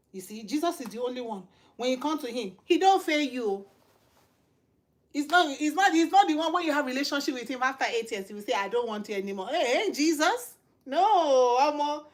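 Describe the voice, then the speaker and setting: A woman with a Nigerian accent delivers an informal sermon with a high voice. She is middle-aged, emphatic and animated, hammering her points with repeated rhetorical questions. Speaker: channel host and lay preacher. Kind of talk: informal preaching to camera.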